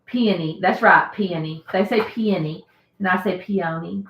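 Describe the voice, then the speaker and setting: A woman's voice: lowish voice, moderate pace, muffled recording, slight background noise. Chatty woman hosting a live stream. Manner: chatty, laughs often, reads viewer comments aloud. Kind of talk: casual live-stream chat. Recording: roomy echo.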